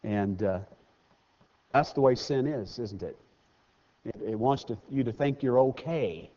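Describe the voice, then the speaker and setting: A pastor with an expressive, dark, mid-range voice preaches to his congregation in an easygoing way inside a church sanctuary. Scripture readings make him slow down and rise, and he jokes at his own expense. Long hall reverb fills the dull-sounding recording.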